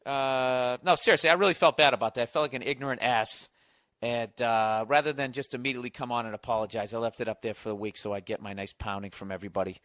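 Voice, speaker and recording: In a mid-range, somewhat bright voice with fairly even intonation, a podcast host from the United States talks fast on a studio podcast mic with a dry sound. His comedic rant is sarcastic and profane, full of mockery and free swearing.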